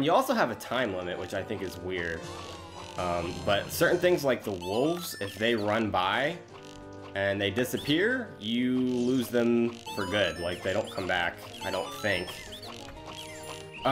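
Chatty man with a lively voice over game music. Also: on the low side. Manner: chatty, self-deprecating, thinks aloud while playing. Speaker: let's play host. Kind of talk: casual gameplay commentary.

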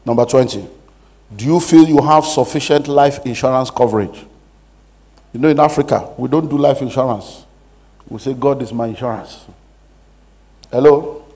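A man's voice: medium pitch, dark tone, breathy edge. A man who is a pastor, giving a preaching-style money lecture with emphatic rhetorical questions. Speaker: pastor teaching a money seminar.

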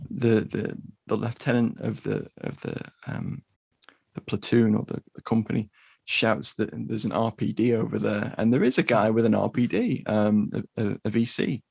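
A man co-hosting a podcast, talking in a relaxed, thoughtful way with frequent pauses to think. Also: on the low side, vocal fry, slightly rough, dry recording, clean studio sound. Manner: unhurried and thoughtful, with frequent ums. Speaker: podcast co-host. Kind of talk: casual chat.

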